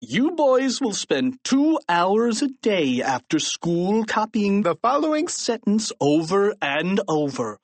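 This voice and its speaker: A narrator voicing a grumpy, scheming middle-aged male school principal who growls his words slowly and menacingly in an audiobook. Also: mid-range voice, very animated, a little mellow, no room sound, voice pushed up. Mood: growling. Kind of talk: audiobook character voice.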